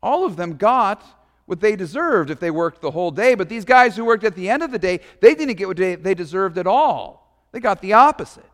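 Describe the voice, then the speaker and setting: A man's voice: high-pitched, sing-song, brisk, long reverb tail. A man, a pastor, preaching a sermon in a conversational, storytelling way with casual asides.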